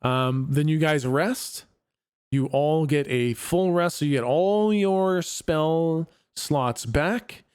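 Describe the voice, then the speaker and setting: A man's voice: on the high side, slow pace, clear, resonant tone, no room sound, clean studio sound. Laid-back man running a tabletop game. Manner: relaxed, laid-back, casual swearing. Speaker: game master.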